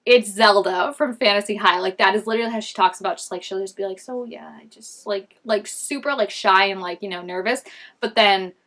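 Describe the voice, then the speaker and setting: A woman's voice: medium pitch, fairly quick, fairly bright tone. A young woman rambles through a casual fan recap vlog, gushing over the characters. She keeps circling back on her thoughts and stacks up filler words as she goes.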